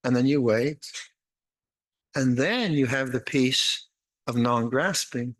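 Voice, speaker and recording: In a retreat meditation hall, an older man who teaches as a monastic speaks at medium pitch, slowly and reflectively. His dharma talk mixes meditation guidance with frequent restarted phrases and mild, gentle jokes.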